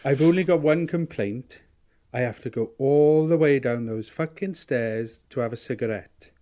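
A man's voice: medium pitch, moderate pace, dark tone, voice pushed up, close to an everyday voice. A man doing an impression of his cheerful older dad, a smoker, in a chirpy sing-song voice. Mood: grumbling.

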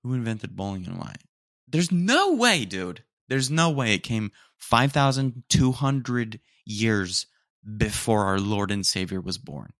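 A man's voice: lowish voice, unhurried, fairly bright tone, dry recording, clean studio sound. A young man hosting a casual solo podcast, rambling in slangy, mock-indignant asides and saying "dude" again and again. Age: young adult. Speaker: podcast host. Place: room at home, roommates nearby.

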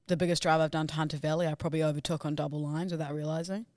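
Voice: medium pitch, flat delivery, rapid-fire, a little mellow, no echo. A podcast co-host chatting casually, teasing and throwing in jokes, on a close mic. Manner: teasing, joking interjections.

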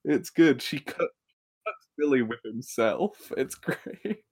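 Recapping scenes from a show on a laid-back comedy podcast, this young co-host laughs and curses freely. He talks slowly in a mid-range, sing-song voice.

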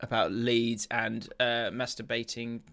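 A man's voice: mid-range voice, level tone, a little slow, sharp tone. Chatty man co-hosting a football podcast. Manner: chatty, laughs often, trails off and restarts. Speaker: podcast co-host. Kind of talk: casual football podcast chat.

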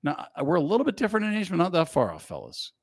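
Sports radio host, man, forties, upbeat and teasing, slightly high voice, dry studio sound. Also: huge pitch swings, quick pace, vocal fry, dry recording. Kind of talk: casual studio banter.

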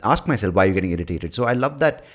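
Male podcast host, lowish voice, loose and introspective, swears casually. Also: lively intonation, rapid-fire. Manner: reflective, thinks out loud with fillers and mild swearing. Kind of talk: casual conversational interview.

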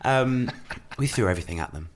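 A man co-hosting a casual podcast chat, telling stories with animated asides and mimicking people. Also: a little fast, faint music behind. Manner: animated storyteller, mimics people in high voices. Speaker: podcast co-host.

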